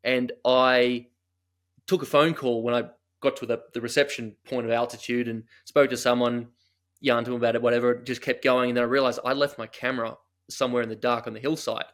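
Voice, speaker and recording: A man's voice: medium pitch, level tone, a little fast. An Australian man, a guest on a podcast, telling a long story in a rambling, self-deprecating way. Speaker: guest hunter. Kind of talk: casual storytelling.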